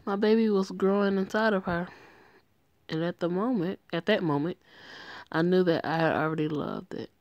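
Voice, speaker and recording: A woman's voice: on the low side, a little mellow, dry recording, dull audio, close to an everyday voice. A woman voicing a tender, remorseful young male gang member as she reads a story game aloud in an earnest, emotional way.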